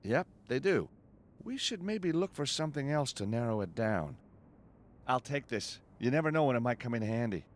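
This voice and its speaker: A man's voice: mid-range voice, very animated, normal speed, a little hiss or hum, natural voice. An actor playing the easygoing, joking male hero of an adventure game. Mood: wry. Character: wry adventurous American man, game hero. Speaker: game protagonist.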